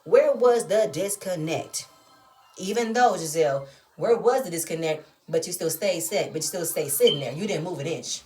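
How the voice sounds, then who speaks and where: Over music, a woman with a low-sitting voice speaks a little fast as she casually and animatedly recaps and reviews a reality show. She's often incredulous and fires off rhetorical questions.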